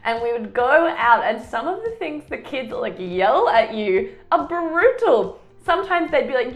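A woman in casual chat, sympathetic and quick to laugh. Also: high voice, very animated.

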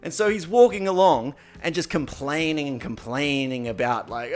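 A man hosting a casual podcast, telling stories in an animated way and acting out what people said. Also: a little high, normal speed, hardly any pauses, soft background music. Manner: animated storyteller, acts out quotes. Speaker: podcast host.

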